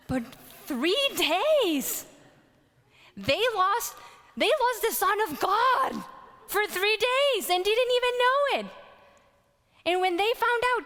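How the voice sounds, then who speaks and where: High-voiced woman preaching in a reverberant hall. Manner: animated storytelling, rising to loud exclaims and dropping to whispers. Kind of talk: sermon.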